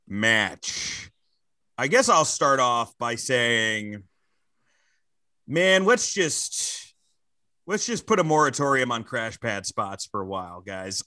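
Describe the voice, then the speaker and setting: A man's voice: mid-range voice, no room sound. A man co-hosting a comedy wrestling podcast, talking casually and crudely with lots of swearing. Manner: crude, animated, swearing freely. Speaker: podcast co-host.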